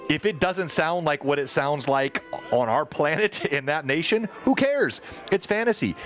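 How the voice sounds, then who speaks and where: A man's voice: mid-range voice, fairly bright tone. A man hosting a live tabletop gaming talk show, rambling casually with many fillers while reading out chat comments. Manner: rambling, reads chat aloud, frequent fillers. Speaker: podcast host and dungeon master.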